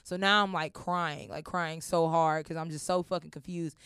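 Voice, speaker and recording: Animated, swearing woman telling a story. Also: sits low, moderate pace, clean tone, no room sound, clean studio sound. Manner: animated, acts out voices in quotes, swears freely. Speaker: comedian guest. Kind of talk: comic storytelling in an interview. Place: recording studio.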